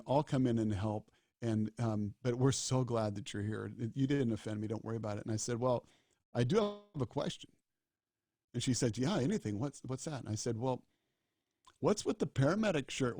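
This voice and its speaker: A man's voice: on the low side, mellow, no room sound, studio quality. A middle-aged man, a doctor, telling stories in an earnest way and acting out the dialogue. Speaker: disaster doctor and speaker. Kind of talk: storytelling talk.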